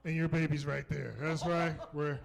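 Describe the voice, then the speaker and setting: A middle-aged man from the South, performing a stand-up comedy set on a club stage and jumping into high mocking voices for the people he quotes. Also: little pitch movement, moderate pace, vocal fry, noisy background. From Southern United States.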